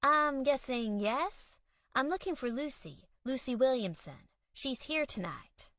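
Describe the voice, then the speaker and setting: A woman's voice: high-pitched, big pitch swings, measured pace, dry recording, lo-fi sound, pitched above the performer's own voice. Exasperated young woman, polite but fed up, voiced by a female narrator. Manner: polite but irritated, sarcastic.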